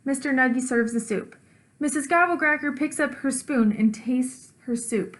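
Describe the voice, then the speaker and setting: A female teacher reads a children's book aloud, telling the story expressively. Her voice is slightly high, and she stops now and then to ask the young listeners questions.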